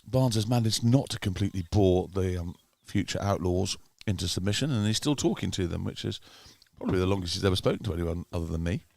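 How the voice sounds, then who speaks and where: A man's voice: low voice, fast, creaky, hardly any pauses, dry recording. A man doing chatty live commentary on a club cricket match, teasing his co-commentator. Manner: chatty, teasing, gets excited at wickets.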